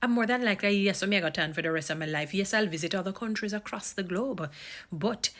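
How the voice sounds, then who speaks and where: A woman's voice: medium pitch, fast, a bit bright. A Jamaican woman talking straight to her viewers in a casual commentary vlog, chatty, with pet names and bits of patois. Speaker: vlogger. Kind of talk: casual direct-to-camera commentary.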